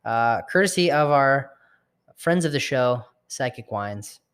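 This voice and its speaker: A man's voice: mid-range voice, animated, takes it slowly, a bit bright, clean tone. A man co-hosting a casual podcast, chiming in with dry, wry one-liners into a mic on a stand. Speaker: podcast co-host. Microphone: tabletop mic on a stand.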